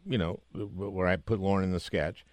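A man's voice: low-pitched, normal speed, dry recording. An older man hosting a podcast, chatting and prompting his guest in a casual interview. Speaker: podcast host.

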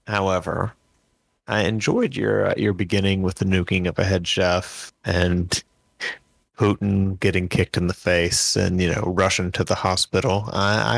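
A deep-voiced man with a gravelly edge chats casually, giving feedback on a friend's silly movie pitch with plenty of fillers. The recording is dry and close. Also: no echo. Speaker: podcast co-host. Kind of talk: casual comedic chat.

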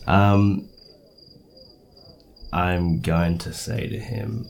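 A man's voice: sits low, slight background noise. A man playing a tabletop game, talking hesitantly with fillers and laughing now and then. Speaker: player. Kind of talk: casual tabletop play.

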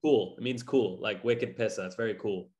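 A man's voice: lowish voice, moderate pace, darkish tone. A young man from New England, talking loosely in casual chat with lots of fillers.

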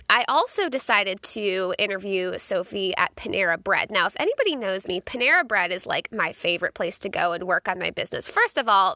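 A woman's voice: mid-range voice, bright, forceful tone, dry recording. A young woman hosting her podcast in a chatty, rambling way, with lots of "like". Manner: chatty, rambling, says "like" a lot. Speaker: podcast host. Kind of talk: casual podcast monologue.

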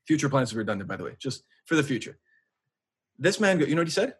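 A man's voice: mid-range voice, sing-song, fast talker, husky. A man co-hosting a podcast, animatedly telling a story and acting out both sides of a phone call. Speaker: podcast co-host. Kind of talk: casual chat, storytelling.

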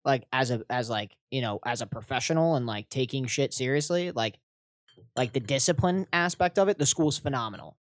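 A man's voice: mid-range voice, expressive, a little fast, dry recording, studio quality. A young man, a comedian on a podcast, chatting casually, swearing and using lots of fillers. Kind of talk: casual chat.

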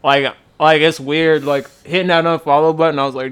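A man's voice: on the high side, fairly even intonation, moderate pace, fairly bright tone, clear, resonant tone. A young man in casual, profane chat, telling loose stories about past girlfriends.

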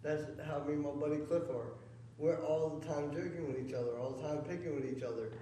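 A man's voice: a little high, steady tone, fast, mellow, a little hiss or hum, poor audio. A man in the congregation chiming in casually and chattily during a sermon. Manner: laughing, chatty. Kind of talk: casual interjection.

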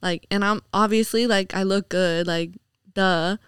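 A woman's voice: mid-range voice, steady tone, unhurried, fairly bright tone, clear, resonant tone, no room sound, studio quality. A young woman chatting as a podcast guest, full of fillers, laughing often and slipping into mocking voices. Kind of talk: casual podcast chat.

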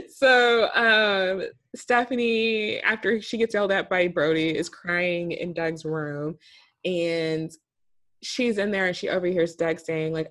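A woman chatting casually, recapping a reality show as co-host, animated and laughing often. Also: fairly low pitch, unhurried.

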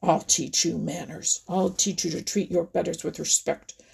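Woman reader doing a blustering, growling bear: storybook, low, mellow and husky. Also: steady tone, normal speed, heavily acted. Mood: menacing. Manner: threatening, blustering. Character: big angry growling male bear. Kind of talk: storybook reading.

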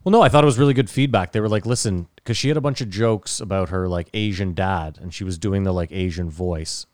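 Sex: man. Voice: low, dry, swearing podcast co-host. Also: dry recording. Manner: swears freely, tells stories quickly. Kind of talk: casual chat.

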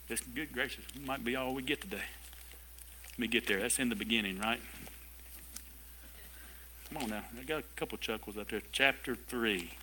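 A man pastor preaching a sermon in a lively way, with asides and chuckles to his congregation. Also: mid-range voice. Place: church service with a congregation.

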